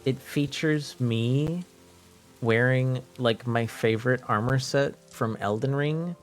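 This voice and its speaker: Male streamer from French Canada, unhurried delivery, playful, rambling chat that loops back on itself. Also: medium pitch, soft background music. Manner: rambling, joking, repeats himself. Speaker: live streamer.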